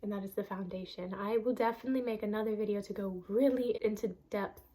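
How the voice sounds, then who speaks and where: A woman's voice: mid-range voice, fairly even intonation, fast, warm tone. A woman giving an earnest, emphatic self-help talk on a vlog, repeating phrases for stress. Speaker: vlogger.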